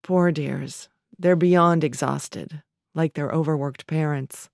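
A woman narrating literary fiction in a measured, even storytelling manner. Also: low-pitched, gravelly, no room sound, clean studio sound.

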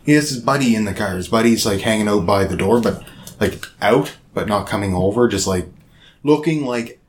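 A man in his thirties from Nova Scotia with a fairly low voice. He tells a story in a casual chat, animated and profane, and acts out the lines of the people in it. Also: fairly quick, a little hiss or hum. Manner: profane, animated retelling with acted-out quotes.

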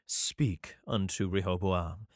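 In a slow, steady, low voice, a man recites archaic scripture and breaks off for crude, irreverent comic remarks, tripping over words and restarting at times. The recording is clean studio sound with no room echo.

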